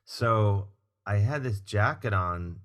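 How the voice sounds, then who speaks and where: A man with a fairly low voice spins a casual story as a podcast guest. He is animated and swears freely. He acts out the people he quotes. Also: slow pace. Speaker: guest comedian and musician.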